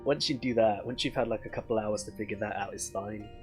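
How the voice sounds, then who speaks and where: A man's voice: fairly low pitch, steady tone, quick pace, music in the background. A man streaming a story game live, chatting casually, swearing and laughing often.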